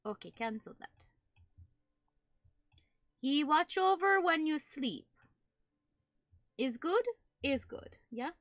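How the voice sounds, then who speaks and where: A woman's voice: sits high, expressive, slow pace, long pauses, fairly bright tone, dry recording, clean studio sound, pitched above the performer's own voice, full character voice. A woman streamer putting on a broken-English character with a mock German accent, dropping her articles in clipped phrases. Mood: deadpan playful. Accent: put-on German. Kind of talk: playful put-on voice while streaming.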